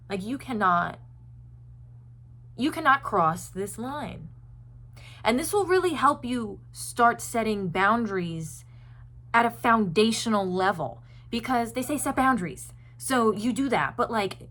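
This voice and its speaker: A woman's voice: a little high, fairly bright tone. Woman host, casual chat to viewers, earnest and rambling, lots of filler words. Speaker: self-help video host.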